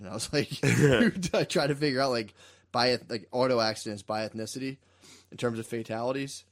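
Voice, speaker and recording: A man's voice: medium pitch, quick pace. A young man co-hosting a podcast, telling a story in casual, profane chat and laughing often. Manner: profane, laughing, acts out quoted people. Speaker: podcast co-host.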